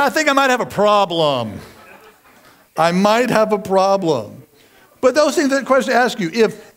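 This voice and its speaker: High-voiced pastor preaching. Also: male voice. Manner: animated, self-mocking storytelling with sudden shouted outbursts. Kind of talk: sermon.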